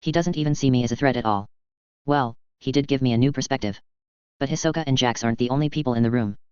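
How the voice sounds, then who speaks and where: Man, audiobook narrator, even reading, dry dull sound. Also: medium pitch, fast talker, clear, resonant tone, no room sound. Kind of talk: reading fan fiction aloud.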